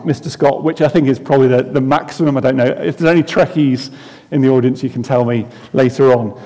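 A man delivering a sermon in a church, his voice pitched a little higher than most men's. He talks conversationally, putting rhetorical questions to the congregation and joking at his own expense. His words ring out with a long reverb through the hall. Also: dark tone. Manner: self-deprecating humour. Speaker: preacher.

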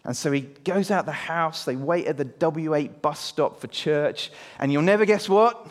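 A man preaching an all-age talk in church, telling stories and drawing the congregation in with lively questions. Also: a little high, moderate pace, few pauses, big-room sound.

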